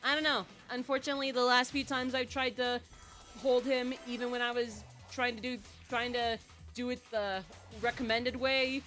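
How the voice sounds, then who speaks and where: A woman's voice: a little high, level tone, moderate pace, a bit bright, soft background music. A woman streaming a video game in casual, playful chat, who slips into baby talk when she talks to her dog.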